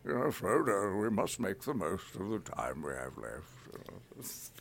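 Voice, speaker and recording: Brief: man playing an old wizard, booming, slow, gravelly edge. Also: sing-song, a bit bright, heavily acted. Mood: commanding. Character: ancient grave male wizard.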